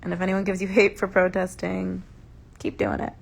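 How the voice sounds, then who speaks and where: Gravelly-voiced woman ranting heatedly on a livestream. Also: medium pitch, flat delivery, moderate pace. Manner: heated, emphatic, swears a lot. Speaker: livestream host. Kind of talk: casual livestream chat.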